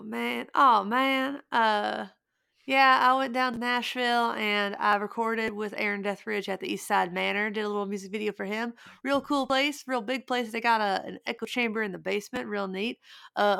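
Brief: young woman, podcast co-host, chatty and rambling, gravelly edge, dry close sound. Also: on the high side, steady tone, normal speed, sharp tone, dry recording. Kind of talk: casual chat.

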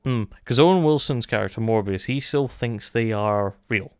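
Man, podcast co-host, smooth clear voice, dry close sound, relaxed review chat. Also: medium pitch, normal speed, dry recording. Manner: thoughtful, musing, many "like" fillers.

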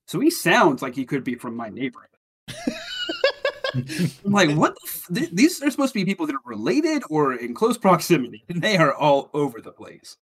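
A man's voice: a little high, wildly swooping pitch, normal speed, fairly bright tone, slightly rough. A man co-hosting a casual chat, tossing in wry, joking asides. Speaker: podcast co-host.

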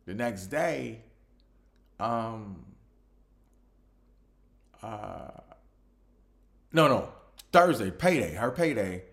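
Man telling a story with lively pitch. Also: drawn-out words, vocal fry, long pauses. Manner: restarts often, animated retelling. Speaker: podcast host. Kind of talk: casual storytelling.

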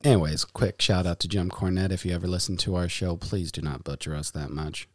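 A man's voice: sits low, steady tone, brisk, no echo, studio quality. A man hosting a casual podcast, playful, with hammy announcer-style flourishes. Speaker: podcast host.

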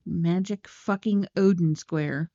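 A woman co-hosting a casual movie podcast, swearing freely and going off on animated tangents. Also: fairly low pitch, takes it slowly, dull audio. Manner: profane, tangent-prone, animated. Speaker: podcast co-host.

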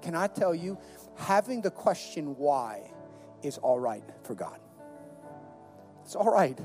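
A man preaches a sermon in a high, light voice. He talks casually, with repeated words and quick acted-out quotes. Quiet music plays underneath. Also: big pitch swings. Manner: conversational, stammering restarts, acts out quoted voices. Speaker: pastor.

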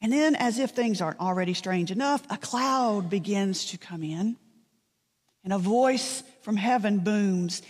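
A woman's voice: mid-range voice, lively intonation, moderate pace, darkish tone, in a large hall. A woman pastor, preaching a sermon in a conversational storytelling way, with dry asides.

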